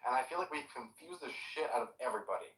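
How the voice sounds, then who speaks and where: A man's voice: medium pitch, lively intonation, fast talker, a bit bright, recorded from a distance. A joking, teasing man in a casual group chat, heard on roomy chat audio. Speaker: chat participant.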